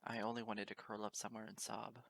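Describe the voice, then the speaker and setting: Bright-voiced man reading a story. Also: lowish voice, monotone, fast, creaky. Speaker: audiobook reader. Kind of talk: fan fiction audiobook narration.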